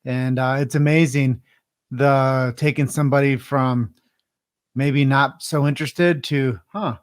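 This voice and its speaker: A man's voice: mid-range voice, flat delivery, a little slow, smooth. Agreeable male podcast host. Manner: conversational, agreeable, some fillers. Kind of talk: casual interview chat.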